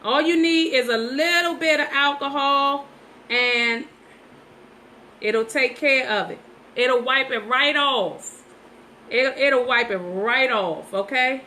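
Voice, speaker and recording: Speaking slowly in a high, sharp-toned voice, this woman hosts a casual painting livestream of sunflowers from her phone. The low-quality recording carries a little hiss or hum, and she is chatty and repetitive, addressing her viewers directly.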